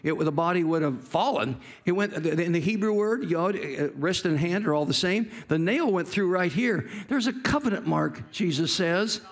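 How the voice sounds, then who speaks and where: A man delivering a sermon in a fairly high voice. He tells the story with animation and acts out its characters as he goes. Now and then he jokes with his congregation. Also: expressive, moderate pace, hardly any pauses. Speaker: preacher.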